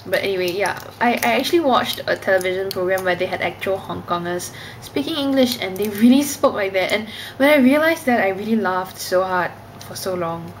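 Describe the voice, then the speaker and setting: A woman's voice: mid-range voice, expressive, a little fast, hardly any pauses, slight background noise, poor audio. Self-conscious giggly young woman vlogger. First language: Cantonese. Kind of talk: casual vlog talk.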